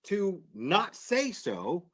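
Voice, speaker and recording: A man's voice: high voice, huge pitch swings, very slow, fairly bright tone, full character voice. A man in a streamed clip, ranting and repeating himself in a mocking put-on Aussie voice. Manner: ranting, repetitive, mocking fake accent.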